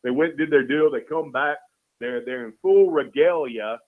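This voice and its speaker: A man's voice: fairly high pitch, normal speed. A man calling in as a guest, talking in an easygoing, earnest way, often saying "man". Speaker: guest, caricature artist. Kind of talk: casual chat. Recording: tinny phone line.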